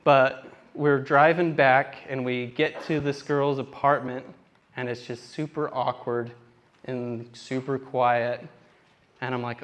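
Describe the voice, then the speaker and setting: A man's voice: mid-range voice, fairly even intonation, unhurried. A young man doing a stand-up comedy set on a theater stage, telling rambling, self-deprecating stories and acting out what people said. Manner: rambling self-deprecating storytelling with acted-out quotes.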